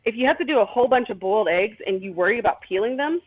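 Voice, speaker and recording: A woman's voice: on the high side, lively intonation, very fast, breathy edge. A woman hosting a cooking livestream, talking casually in a rambling, chatty, self-deprecating way as she preps food. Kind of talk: casual chat while cooking. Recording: tinny phone-like stream audio with faint music.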